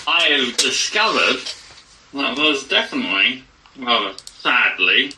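A man's voice: medium pitch, sing-song, a little slow, recorded from a distance, noisy background. A man playing a tabletop horror game, playful and often in character. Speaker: player.

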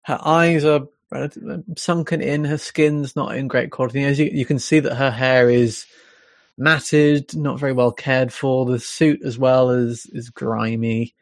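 Game master narration, mid-pitched, halting and descriptive, dry close mic. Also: fairly even intonation, dry recording. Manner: halting, descriptive, thinking aloud.

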